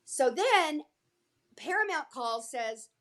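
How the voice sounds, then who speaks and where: A middle-aged actress telling stories as a guest in a relaxed chat. She is animated and acts out the other people's lines as she goes. Her voice sits a little high. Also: takes it slowly. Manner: animated storyteller acting out quoted voices. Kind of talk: casual chat.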